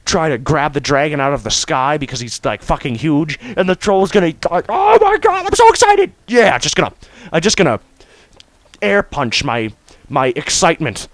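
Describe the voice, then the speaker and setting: Young man, let's play host, goofy, hyperactive, animated pitch, dry sound. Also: normal speed, dry recording. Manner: hyperactive, goofy, bursts into shouts. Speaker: gamer host. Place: his room.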